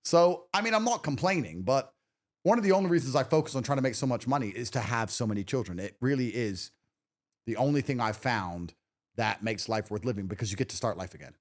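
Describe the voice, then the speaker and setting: A man's voice: mid-range voice, expressive, quick pace. A man talking as a podcast guest in a casual chat, brash and profane, telling stories with swagger.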